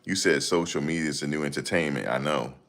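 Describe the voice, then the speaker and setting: This man has a bass voice with a fairly bright tone, and he talks fast. He's hosting a casual stream, reading and responding to chat comments in a rambling, slangy way and laughing a lot.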